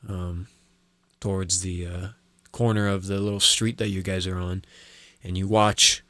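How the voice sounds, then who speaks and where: A man's voice: low voice, little pitch movement, unhurried, sharp tone, no echo. A man narrating as game master, rambling with restarts and acting out sound effects.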